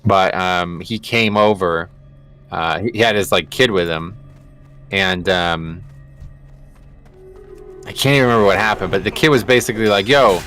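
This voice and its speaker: A man's voice: low voice, moderate pace, pauses often, a bit bright, faint music behind. A man livestreaming a game, chatting casually and rambling through a story with frequent swearing and fillers. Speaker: livestreaming gamer. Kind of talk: casual storytelling chat while gaming.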